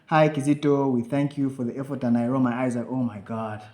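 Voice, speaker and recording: This podcast co-host is a young man of medium pitch who speaks quickly. Chatting casually, he tells a story and animatedly performs the quoted lines of himself and other people, with echo from the room around him.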